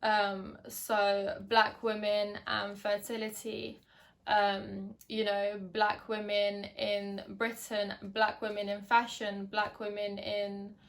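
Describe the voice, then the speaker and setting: A woman's voice: mid-range voice, completely flat delivery, slow, vocal fry. A young woman giving a casual book review, chatty and hesitant, with many ums and restarts. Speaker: book vlogger.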